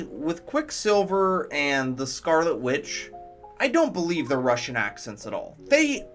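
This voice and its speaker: A man's voice: a little high, a bit bright. A man reviewing movies in casual commentary, enthusiastic, profane and rambling.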